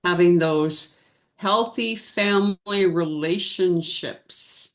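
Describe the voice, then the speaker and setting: A woman's voice: fairly low pitch, slow. A woman co-hosting a live feng shui show, chatting casually and rambling with self-corrections. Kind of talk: casual live-stream chat.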